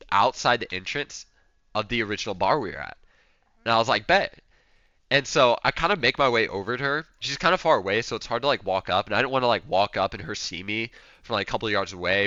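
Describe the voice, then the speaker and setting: Young male streamer, rambling storyteller who acts out quotes, a bright edge on a lowish voice. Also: lively intonation, fast, no room sound, dull audio. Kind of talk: casual storytelling.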